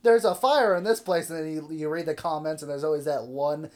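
A man's voice: a little high, brisk. A young man co-hosting a casual comedy podcast, swearing freely and acting out mocking voices as he tells stories. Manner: crude, swearing, animated storytelling with mocking quoted voices. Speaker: podcast co-host.

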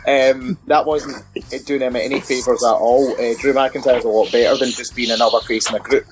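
A man's voice: medium pitch, fairly even intonation, normal speed, a little hiss or hum, low-quality recording. A man co-hosting a podcast, giving wry, opinionated takes in casual chat. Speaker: podcast co-host.

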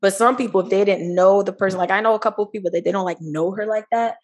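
Chatty and quick to laugh, a young female podcast co-host acts out quotes from other people during a casual conversation. She has a medium-pitched, darkish voice and speaks fast.

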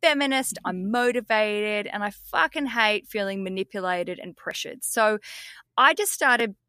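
A woman's voice: medium pitch, measured pace, sharp tone, no room sound, studio quality. A woman with an Australian accent, hosting a podcast in casual, swearing, self-mocking chat. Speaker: podcast host.

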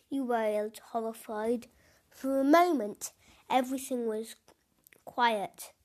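A woman hosting a storytelling corner, reading a children's storybook aloud in a gentle manner with small stumbles. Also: a little high, steady tone, slow. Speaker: storyteller and show host.

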